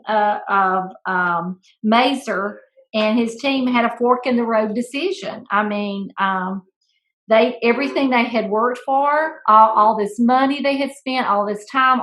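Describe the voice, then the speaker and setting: A woman co-hosting a casual chat, telling a story with playful teasing and an animated delivery. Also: a little high, low-quality recording. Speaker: school principal, podcast co-host.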